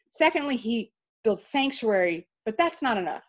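A woman with a fairly high voice tells a long personal story in conversation. She is animated and emphatic, circles back with restarts and repeats, and presses hard on key points. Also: moderate pace. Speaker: interview guest.

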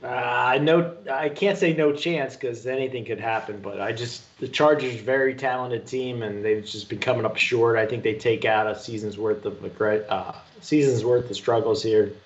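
Man, average pitch, blunt, decisive, casual sports chat. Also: normal speed, hardly any pauses, highs cut off. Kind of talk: casual betting picks chat.

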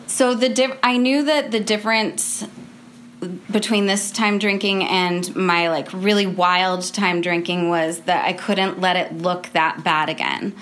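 A woman's voice: on the low side, steady tone, unhurried, a bit bright, slight background noise. Rambling young woman telling a story. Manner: rambling, full of "like" fillers; laughs between phrases. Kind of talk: casual personal story.

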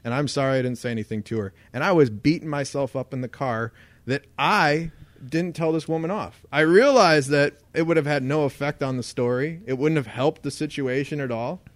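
A man co-hosting a casual podcast, telling a story in a lively way and acting out the voices of the people in it. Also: on the high side, moderate pace, no room sound. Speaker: podcast co-host.

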